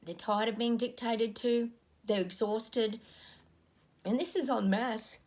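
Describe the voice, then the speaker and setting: A woman's voice: fairly high pitch, fairly even intonation, slow pace, a little mellow. A middle-aged woman talking casually to her viewers, rambling and earnest with lots of ums. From Australia. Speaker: psychic giving predictions.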